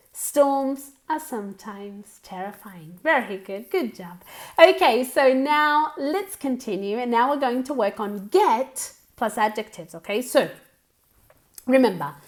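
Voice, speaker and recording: A woman's voice: a little high, animated. Bilingual woman teacher drilling phrases. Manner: repeats phrases slowly for practice, chatty asides. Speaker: English teacher. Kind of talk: bilingual language lesson.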